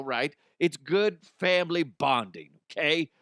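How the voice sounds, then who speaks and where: Man, comedy host, exasperated rant, swearing, lively pitch, dry close sound. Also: moderate pace, few pauses, dry recording.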